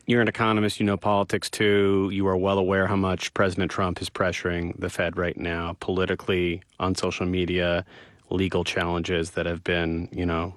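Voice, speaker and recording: A man's voice: low voice, monotone, normal speed, dry recording, clean studio sound. A man hosting a news interview, asking direct questions. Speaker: radio interviewer.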